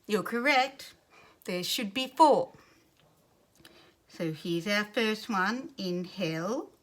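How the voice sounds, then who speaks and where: A woman teacher giving a recorded lesson to young children, speaking clearly and patiently and sounding out words. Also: medium pitch, lively intonation, extremely slow, fairly bright tone.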